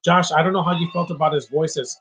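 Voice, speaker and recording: A man's voice: a little high, steady tone, quick pace, crowd noise, poor audio. A man giving casual live commentary on a movie, opinionated and ranting about what he dislikes. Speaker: film commentator.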